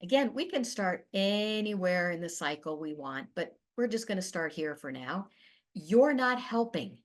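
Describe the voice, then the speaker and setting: A middle-aged woman, a family therapist, presenting a webinar in an earnest, measured way. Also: on the low side, expressive. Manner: earnest, measured, with quoted dialogue acted briefly.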